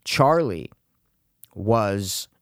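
A man in a casual chat, recapping a film with animated energy and acting out the characters' lines. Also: very slow, no echo, clean studio sound. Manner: animated, acts out quotes with sudden high yelps.

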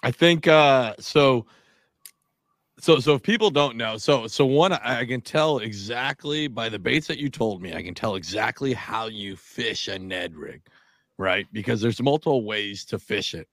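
A man's voice: medium pitch, expressive, unhurried, fairly bright tone, no room sound, clean studio sound. A man co-hosting a podcast in casual chat, teasing and joking with the others. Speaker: podcast co-host.

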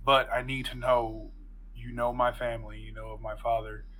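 A man's voice: a little high, animated, brisk, pushed and bright, breathy edge, exaggerated voice, low-quality recording. A man playing a nervous young college student. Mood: cautious. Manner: hesitant, stammering.

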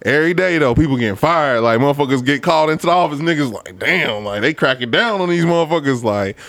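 Lively young man telling stories. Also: on the high side, fast. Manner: animated, acts out coworkers' voices, swears freely. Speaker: podcast co-host. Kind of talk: storytelling in casual chat.

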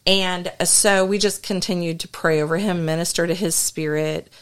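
A woman's voice: fairly low pitch, steady tone, normal speed, smooth. A woman co-hosting a podcast, earnestly telling a ministry story in a casual, story-driven way. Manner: earnest, story-driven, with frequent restarts and fillers. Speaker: podcast co-host and deliverance minister.

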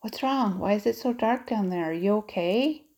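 Woman voicing a little girl, eager, pushy, pleading, high-pitched, storybook. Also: slow pace, dark tone. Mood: anxious calling. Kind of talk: audiobook character voice.

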